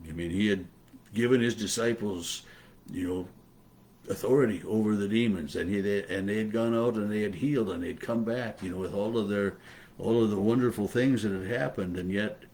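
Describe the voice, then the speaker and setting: A man, a pastor, giving a loose daily devotional on a Bible passage, halting and thoughtful, full of fillers and restarts as he muses aloud. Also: fairly low pitch, a little mellow.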